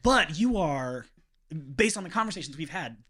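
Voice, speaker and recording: A man's voice: on the high side, expressive, moderate pace, bright, forceful tone. A man as a podcast guest, chatting casually with joking, teasing asides. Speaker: podcast guest, fellow worship leader.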